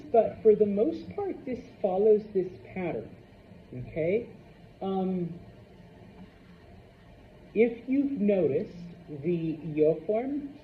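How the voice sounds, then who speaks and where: A man teaching a Spanish class in a classroom, unhurried and checking in often with the students. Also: high-pitched, distant mic, a little hiss or hum. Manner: unhurried, many fillers and check-ins. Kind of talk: classroom lecture. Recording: roomy lo-fi classroom recording from afar.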